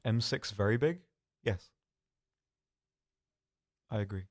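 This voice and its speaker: A young man talks through a casual live stream, reading out viewers' questions and answering them one by one. His voice sits a little low and stays soft and calm, and his delivery is dry and self-deprecating. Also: slow.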